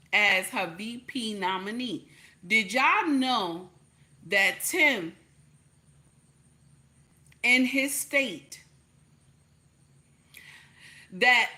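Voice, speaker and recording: A woman's voice: on the high side, sharp tone. A woman with a New Jersey accent giving blunt, repetitive livestream commentary, peppered with profanity and "okay?" checks. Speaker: online commentator.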